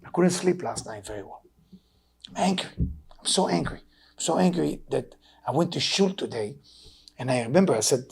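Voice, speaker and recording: An Israeli man in his sixties teaches Kabbalah in an impassioned sermon. His gravelly, very raspy voice rises to urgent pleading, then sinks to hushed, heavy tones. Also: big pitch swings, moderate pace. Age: 60s. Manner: emotional, swinging from loud urging to low hushed tones.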